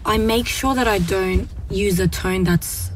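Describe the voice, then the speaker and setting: A mother in a casual discussion who speaks calmly and gently, telling stories about her children. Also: medium pitch, measured pace, a little hiss or hum. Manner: calm, gentle, storytelling with acted quotes. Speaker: parent guest.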